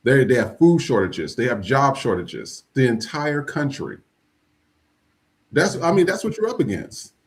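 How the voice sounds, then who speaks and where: A man hosting a podcast, talking in a blunt, profane, animated rant about politics and culture. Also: mid-range voice, measured pace. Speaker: podcast host. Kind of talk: casual political chat.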